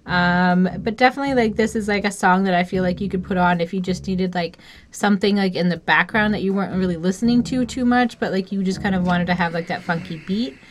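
A woman's voice: on the low side, quick pace, slight background noise. A woman co-hosting a casual music podcast, talking hesitantly with many fillers. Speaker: podcast co-host. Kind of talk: casual chat.

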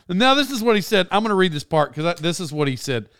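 A man's voice: sits high, sing-song, quick pace, few pauses, fairly bright tone, clean tone, no echo, clean studio sound. A man on a rambling comic rant, sarcastic and often cutting himself off to restart. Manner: sarcastic, self-interrupting, stumbling restarts. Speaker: comedic commentator.

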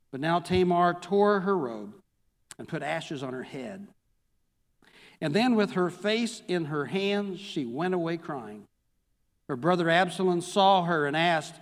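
Male pastor, slightly high voice, sermon reading in a church with long echo. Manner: reads scripture aloud, then reviews it slowly. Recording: long hall reverb.

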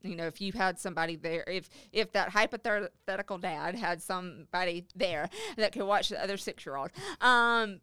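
A man talking as a parenting counselor on a podcast, calm and often laughing, acting out the phrases parents could say. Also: sits high, clean tone, dry recording. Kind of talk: podcast conversation.

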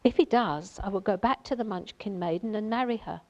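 Brief: woman reading a gentle storybook tin man, wistful and kind, near her own voice. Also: medium pitch, a little fast, lo-fi sound, lightly acted.

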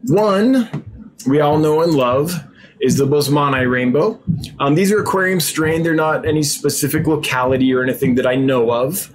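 A man talking off the cuff on a live stream, his voice pitched a little on the high side. He rambles with plenty of ums and restarts and sounds eager when he gets to describing fish. A faint hum of room ambience sits behind him. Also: normal speed, rough recording. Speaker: aquarium fish seller and channel host. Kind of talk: casual live-stream chat.

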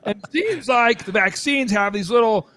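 A man's voice: extremely high pitch, lively intonation, normal speed, sharp tone. A man talking as a podcast guest, rambling and joking with emphatic restarts. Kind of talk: excited podcast interview talk.

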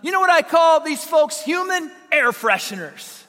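The Southern Illinois pastor's voice is extremely high-pitched, sing-song, and a bit bright, delivered at a normal speed. He preaches to his congregation in a church sanctuary, telling folksy, funny stories, and a long reverb tail follows his words.

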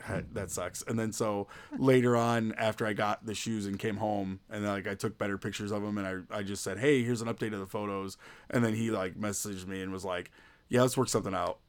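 A man's voice: on the low side, clean tone. A man in his thirties chatting casually as a podcast co-host, rambling through stories with lots of "like" and "you know.". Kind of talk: casual chat.

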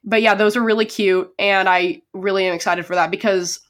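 A woman's voice: medium pitch, steady tone, fairly quick. A young woman co-hosting a podcast, chatting casually and gushing, with lots of "like", sick with a sore throat. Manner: gushing, heavy use of "like". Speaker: podcast co-host. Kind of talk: casual chat.

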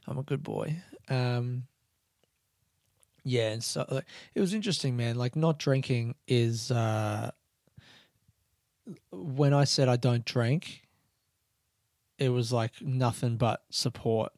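Soft-spoken man with a gravelly voice. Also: medium pitch, slow pace, long pauses, dry recording, clean studio sound. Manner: talking softly and quietly, rambling. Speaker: comedian podcast host. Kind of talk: casual solo podcast chat. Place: own house, late at night.

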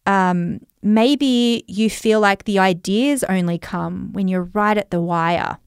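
A woman's voice: medium pitch, slow pace, smooth, dry recording, clean studio sound. An Australian woman coaching listeners on money in a chatty, reflective way, with many fillers. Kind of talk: talking straight to listeners.

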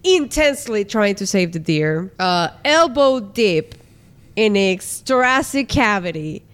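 A woman's voice: mid-range voice, very animated, a little slow. A woman casually recapping a show with a friend, laughing often and swearing as she acts out lines.

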